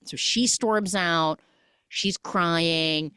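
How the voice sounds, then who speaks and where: A woman's voice: on the low side, sharp tone, clear, resonant tone, no room sound, clean studio sound. A woman hosting a podcast, retelling a film's plot in a chatty way and briefly acting out each character's lines. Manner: chatty, acts out the characters' lines in quick snippets. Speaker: podcast host. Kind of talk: casual film recap.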